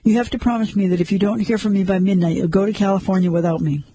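A man's voice: sits high, steady tone, fast talker, mellow, slightly rough, no room sound. A man voicing a desperate middle-aged husband, speaking urgently and frantically in a storybook reading. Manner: tense, pleading, frantic.

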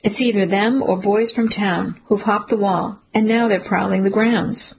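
A stern, fierce older housekeeper in an audiobook, speaking in blunt, clipped warnings, as a woman narrator puts her on. The voice is gravelly and husky, with a rough breathiness over a middle pitch. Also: steady tone, measured pace, low-quality recording. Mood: grim. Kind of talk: audiobook character voice.

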